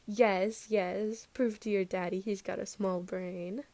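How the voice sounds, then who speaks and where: A woman's voice: mid-range voice, steady tone, takes it slowly, dark tone. A woman voicing a pushy but affectionate young man who coos and coaxes, in a podfic reading. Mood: cooing.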